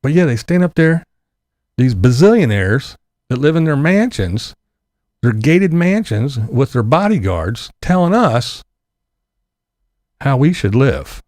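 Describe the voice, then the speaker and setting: Sarcastic man on a lively rant. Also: a little high, measured pace, dry recording. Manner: sarcastic and profane; mocking mimicry of others. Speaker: vlogger. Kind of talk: angry political rant.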